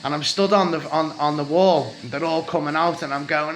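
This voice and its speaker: Man, 40s, Scouse accent, slightly high voice; rambling, heated storyteller who swears a lot. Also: a little fast, few pauses, fairly bright tone. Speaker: vlogger telling his life story. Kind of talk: casual storytelling vlog.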